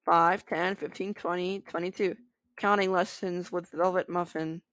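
A woman's voice: on the low side, fairly even intonation, normal speed, a bit bright, no echo. Giggly young woman gaming commentator. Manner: giggly, bubbly, talks to viewers. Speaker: gaming video creator. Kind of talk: casual gameplay commentary.

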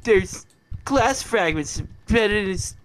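Man putting on a shrill panicky surgical assistant. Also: expressive, takes it slowly, fairly bright tone, heavily acted. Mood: alarmed. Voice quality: falsetto.

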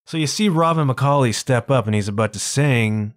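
A man's voice: mid-range voice, moderate pace, hardly any pauses, dry recording, clean studio sound. A man hosting his own podcast as a solo monologue, chatty and full of asides. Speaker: podcast host.

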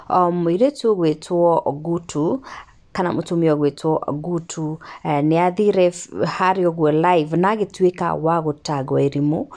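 A woman narrating gossip news, slowly and steadily reading out both sides of a phone call. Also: low voice, darkish tone.

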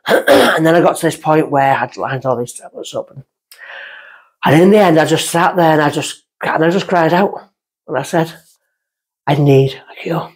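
A woman's voice: moderate pace, slightly rough. A woman, a guest on a podcast, telling a long personal story in a rambling way and going off on tangents. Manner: lively, jumps up in pitch when excited. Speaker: guest medium. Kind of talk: casual storytelling.

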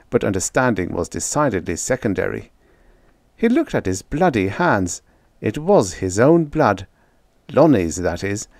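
A man with a low voice narrates a vintage science fiction audiobook in a measured, steady way, lifting his delivery at tense moments. The recording is close and dry, with no room sound at all. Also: no room sound. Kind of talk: scripted story narration.

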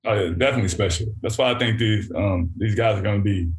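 A man's voice: on the low side, quick pace. A man in his thirties, a former pro basketball player, chatting easily as an interview guest and laughing often while he tells stories. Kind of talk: casual interview chat.

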